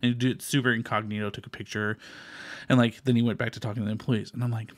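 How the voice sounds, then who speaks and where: A man's voice: mid-range voice, level tone, racing, slight background noise. A man from Texas co-hosting a podcast, telling a story in casual chat, swearing freely and acting out quoted voices. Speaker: podcast co-host.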